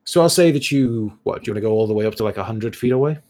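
A man narrating as game master of a tabletop role-playing game in a casual, relaxed way. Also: on the low side, racing.

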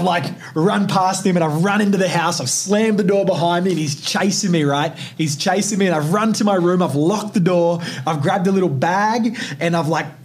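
A man with an Australian accent, hosting a podcast and telling a personal story, swearing freely and acting out the voices in his quotes. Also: fairly high pitch. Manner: animated, profane, acts out quotes. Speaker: podcast host.

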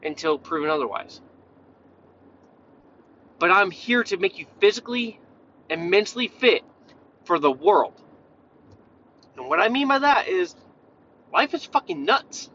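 Blunt, foul-mouthed coach ranting. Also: male voice, sits high, big pitch swings, unhurried, pauses often, pushed and bright, dull audio, a little hiss or hum. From Tennessee, USA. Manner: blunt, swears a lot, jumps around. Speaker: fitness coach. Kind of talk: profane casual rant.

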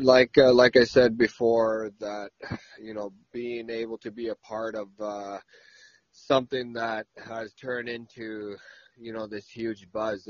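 A man's voice: on the low side, dry recording. A man with a stuffy, nasal voice from a cold, giving easygoing, rambling answers as an interview guest over the phone. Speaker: interview guest, former pro athlete. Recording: dull, dry phone call.

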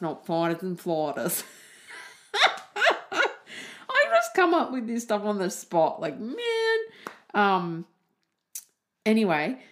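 An Australian woman hosting a podcast, telling a story in a chatty, jokey way and laughing at her own asides. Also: lowish voice. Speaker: podcast host.

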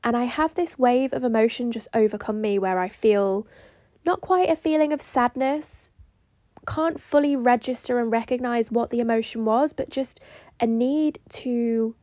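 A woman's voice: fairly high pitch, moderate pace, dark tone, no echo. A woman hosting a solo podcast, telling a personal story in a reflective, rambling way that includes her own inner dialogue. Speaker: podcast host.

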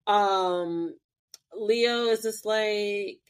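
A woman co-hosting a podcast, recapping a TV episode in an animated, profane way. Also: mid-range voice, drawn-out words, smooth. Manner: animated, profane, acts out characters. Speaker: podcast co-host. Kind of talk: casual chat recapping a TV episode.

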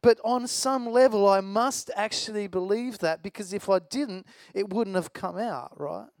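Man, high-pitched, conversational sermon, storytelling, self-deprecating, dry recording. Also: measured pace, a little mellow, no echo. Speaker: preacher.

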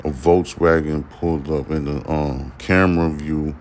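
Low-voiced man ranting on his podcast. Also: fairly even intonation, measured pace, darkish tone, slight background noise. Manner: loose, profane, rambling with many fillers. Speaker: podcast host. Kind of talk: casual solo podcast news commentary.

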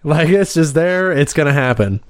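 A man's voice: on the high side, animated, moderate pace, no room sound. A man hosting a podcast, chatting casually and telling a story bluntly with plenty of swearing. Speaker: podcast host. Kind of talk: casual chat.

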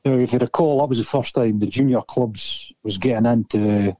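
A man's voice: mid-range voice, normal speed, mellow, no echo, highs cut off. Scottish man telling sweary football stories. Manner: sweary, rambling anecdotes. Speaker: guest, former footballer. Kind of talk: casual storytelling.

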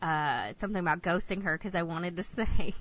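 A woman's voice: fairly low pitch, brisk, a bit bright. A woman co-hosting a casual podcast on a remote call, giggling often and acting out lines from the show. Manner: giggly, acts out quotes. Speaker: podcast co-host. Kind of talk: casual chat. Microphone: remote call mic.

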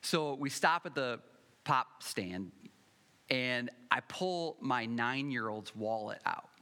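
A pastor preaching a sermon, telling humorous personal stories and building to emphatic repeated lines. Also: male voice, mid-range voice, slow pace. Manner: animated, humorous storytelling, building to emphatic repetition.

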